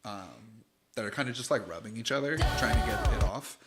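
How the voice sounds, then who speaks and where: A man's voice: on the low side, animated, fairly quick, over loud music. A man narrating as game master for a tabletop game stream, playful and theatrical, with many fillers.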